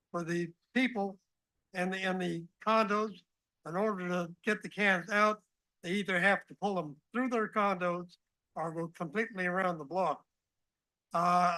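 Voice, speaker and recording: A man who manages property, making a halting request during public comment at a city council meeting. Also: high voice, pushed and bright, no room sound, poor audio. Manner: halting, filler-heavy request.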